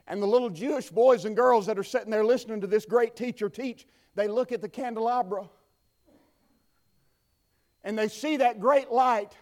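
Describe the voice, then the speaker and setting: A man's voice: sits high, normal speed. A man preaching a sermon with an impassioned, repetitive cadence.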